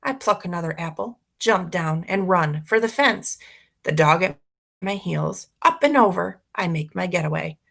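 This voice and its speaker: Gravelly woman reading a storybook aloud. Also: fairly low pitch, normal speed. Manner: expressive, voicing a boy narrator. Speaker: reader for schoolchildren.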